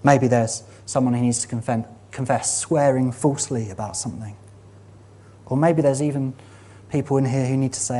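A man preaching a sermon, earnest and emphatic, building to animated exhortation. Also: mid-range voice, moderate pace, slight background noise.

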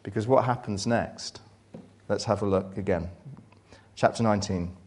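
A man preaching a sermon, reading scripture and retelling it dramatically, swinging from loud excitement to hushed, low passages. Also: moderate pace.

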